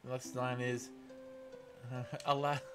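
Excitable man doing game commentary. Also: mid-range voice, slow pace. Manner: excitable, laughs often, reads dialogue aloud. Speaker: gaming let's player. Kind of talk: let's play commentary. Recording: faint game music behind.

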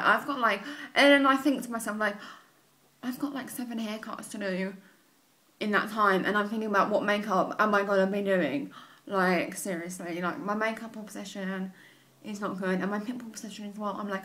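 A woman's voice: mid-range voice, fairly even intonation, brisk, bright, forceful tone. Rambling young Englishwoman chatting to camera. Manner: rambling, full of "like" fillers. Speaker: beauty vlogger. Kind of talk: casual chat to camera. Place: bedroom at home.

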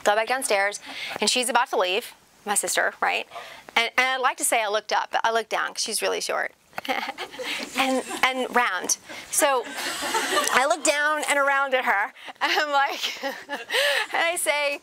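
A woman in her thirties from South Georgia telling personal stories in a lively, chatty lecture to an audience, laughing at her own jokes. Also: fairly high pitch, moderate pace, creaky, a little hiss or hum. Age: 30s. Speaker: spiritual speaker. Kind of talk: storytelling lecture.

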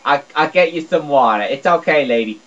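A man's voice: expressive, a little fast, a bit bright. Stammering goofy man, dull lo-fi sound. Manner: stammering, repeats words, dopey broken grammar; swings between mumbling low and squealing high. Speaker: gameplay video creator. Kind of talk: comedic gameplay commentary. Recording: dull lo-fi recording.

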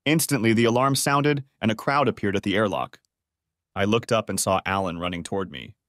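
A man's voice: lowish voice, a little fast, a bit bright, no echo. A man narrating a first-person story in a scripted audiobook reading on a close mic.

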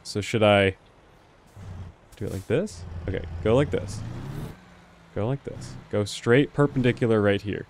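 A man's voice: fairly low pitch, a little slow, pauses often, slight background noise. A young man giving casual gameplay commentary, talking to the other drivers and swearing now and then. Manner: animated, talks to other drivers, frequent exclamations and swearing. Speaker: gaming video host.

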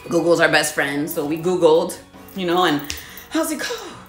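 Woman vlogger, casual spiritual storytelling, lively delivery, echoey room with faint music behind. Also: normal speed. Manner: animated storytelling, laughs often, acts out her own reactions in a high voice. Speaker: body contouring business owner. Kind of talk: casual spiritual vlog talk.

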